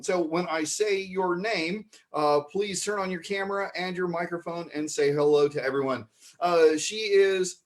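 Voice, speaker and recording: Male improv host, slightly higher voice, rambling livestream banter. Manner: rambling with many fillers. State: mouth full of marshmallow. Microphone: video call.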